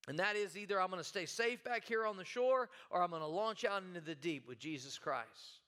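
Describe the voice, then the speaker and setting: Bright high-voiced folksy preacher man. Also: expressive, fairly quick. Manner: folksy, conversational, stumbles and repeats words. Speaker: pastor. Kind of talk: sermon.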